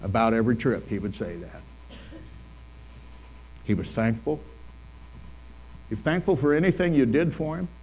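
Male pastor, folksy eulogy storyteller, mid-pitched, repeats lines for weight. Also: normal speed, pauses often, a little mellow, a little hiss or hum, poor audio. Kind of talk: funeral eulogy. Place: full funeral service hall.

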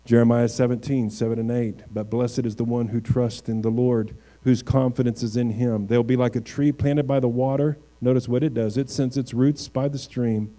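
Man preaching a sermon, mellow voice. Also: medium pitch, steady tone. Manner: reads scripture slowly, then builds to emphatic, raised crescendos. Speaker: pastor.

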